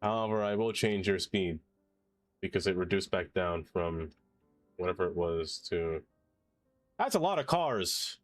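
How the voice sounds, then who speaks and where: A man's voice: deep voice, animated, unhurried, pauses often, no echo, faint music behind. A man streaming a city-building game, chatting casually and joking to himself as he plays. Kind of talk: casual gameplay commentary.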